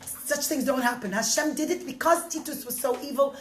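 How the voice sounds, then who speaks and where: High-voiced woman telling a children's story. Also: fairly quick. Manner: expressive, addresses the children often. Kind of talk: animated storytelling. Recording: echoey room.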